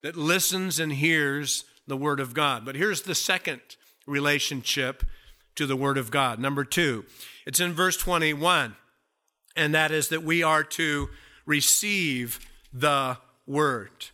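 Man, pastor, sermon, very slow delivery, bright tone, drawn-out emphasis. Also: fairly high pitch.

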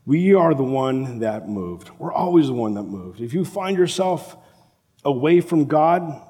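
A man preaching a sermon as a pastor, animated and acting out the voices of the people in the story. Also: mid-range voice, a little slow. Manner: animated, acts out the quoted voices. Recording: long reverb of a large hall.

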